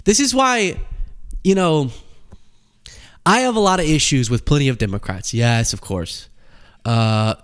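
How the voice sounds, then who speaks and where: A man's voice: measured pace, long pauses, clear, resonant tone. A young man hosting a casual political commentary show, telling stories and acting out the people in them. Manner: animated storytelling, acts out quoted people in high voices.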